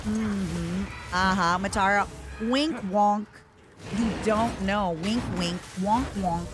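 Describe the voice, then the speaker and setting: A woman's voice: mid-range voice, slow pace, music in the background, natural voice. A woman doing a dry sarcastic doubting voice. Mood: teasing. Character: mocking doubtful inner voice.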